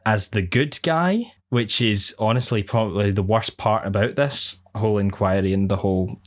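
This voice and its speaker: A man's voice: on the low side, normal speed. A young man co-hosting a casual podcast, giving long, earnest, rambling opinions. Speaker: podcast co-host.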